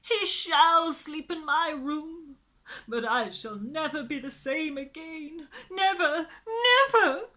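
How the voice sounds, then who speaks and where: A woman voicing a fussy, haughty lady who dotes on her dog, talking in a shrill, tearful wail in a storybook reading. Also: lively intonation, slow pace, sharp tone, full character voice.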